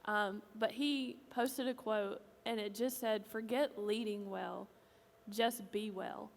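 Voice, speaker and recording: A woman speaking as a pastor's wife to a congregation in a church auditorium. She is soft-spoken and reflective. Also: medium pitch, steady tone, takes it slowly. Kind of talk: stage conversation to a congregation. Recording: long hall reverb.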